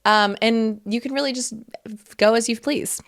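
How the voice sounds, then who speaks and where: A woman's voice: on the high side, fairly even intonation, normal speed. A woman in her thirties hosting a casual solo podcast, talking candidly and chattily, laughing often and swearing freely. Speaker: podcast host.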